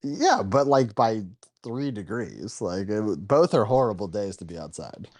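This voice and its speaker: Animated, low-voiced male podcast host. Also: a little slow, no room sound, clean studio sound. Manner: animated, joking, swears freely. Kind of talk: casual banter among friends.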